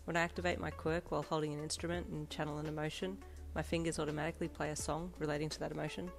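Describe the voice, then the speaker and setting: A woman's voice: low-pitched, flat delivery, rapid-fire, gravelly. A woman playing a moody teen music student. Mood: grumpy, eager. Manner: grumbling, with many ums and uhs.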